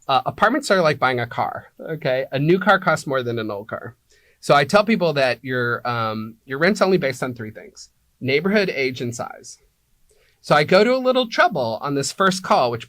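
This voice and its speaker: A man's voice: medium pitch, fairly bright tone, no room sound. A man being interviewed as an apartment locator, explaining things like a teacher and checking in with "right?" and "okay?" as he goes.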